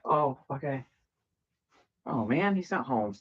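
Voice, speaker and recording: A man's voice: medium pitch, animated, normal speed, muffled recording. A man chatting casually during a live game stream, playfully over-dramatic and humming little tunes between lines. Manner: chatty, mock-dramatic, humming and singing sound effects. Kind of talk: casual live-stream chat while gaming.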